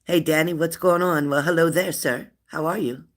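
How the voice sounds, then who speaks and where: A middle-aged man runs a relaxed livestream, reading viewer comments aloud. He talks in a chatty, teasing way and asks the same question twice over. His voice sits a little on the high side for a man. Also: normal speed. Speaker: livestream host.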